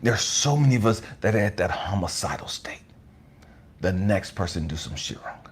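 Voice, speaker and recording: A man giving an impassioned, profane motivational monologue, swinging between hushed whispers and raised outbursts. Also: lowish voice, expressive, normal speed, a little hiss or hum. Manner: profane, blunt street talk. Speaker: motivational speaker.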